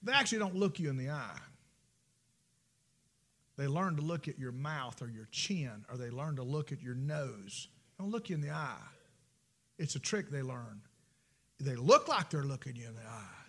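A man preaching a sermon, folksy storytelling that swings from shouts to whispers. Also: mid-range voice, husky.

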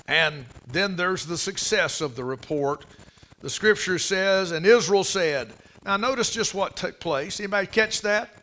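A man preaching a sermon, emphatic, slowing down for scripture and dropping to a hush in stories. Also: high-pitched, rough recording. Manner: emphatic preaching, slows and drops to a hush for quotes. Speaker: pastor.

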